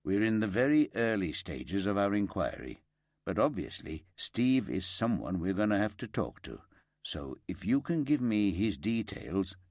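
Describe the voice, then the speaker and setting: A grave, steady detective with a deep, low voice, speaking softly and evenly, as a male narrator plays him. He delivers hard news slowly and gently. The audiobook read sounds close and dry. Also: dry recording, heavily acted. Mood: calm.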